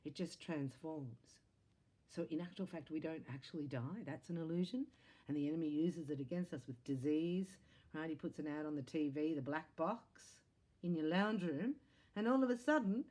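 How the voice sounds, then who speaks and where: A low-pitched woman with a warm, mellow voice gives a psychic reading straight to her viewers. She talks in a chatty, excitable way, breaking into laughs and quick exclamations as she goes. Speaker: psychic tarot reader. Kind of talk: spiritual reading monologue to camera.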